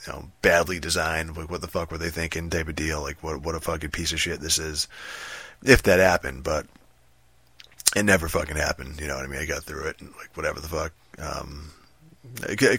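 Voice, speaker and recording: A man's voice: extremely low pitch, pushed and bright, no room sound. A man giving a casual, profane, rambling rant about a video game, full of fillers and laughs and with some sarcasm. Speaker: gamer giving a game review.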